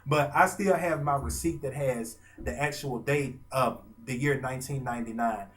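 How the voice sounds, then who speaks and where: A man, telling a story in a casual, gushing way with dramatic pauses. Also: medium pitch. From Arkansas. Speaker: vlogger and fan.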